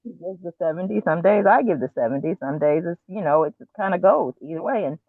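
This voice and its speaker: A woman guest speaks frankly and reflectively, slipping into lively quoted asides when she recalls what she once said. Her voice carries a gravelly rasp. It reaches us through a thin, tinny phone line with no room sound at all. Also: fairly low pitch, fast talker, dry recording. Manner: earnest, reflective, quotes herself with animated asides. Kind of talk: candid conversational storytelling.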